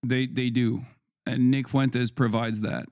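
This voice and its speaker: A man's voice: mid-range voice, level tone, takes it slowly, darkish tone, dry recording, clean studio sound. A man streaming his reaction to a video, making wry, offhand remarks in casual commentary.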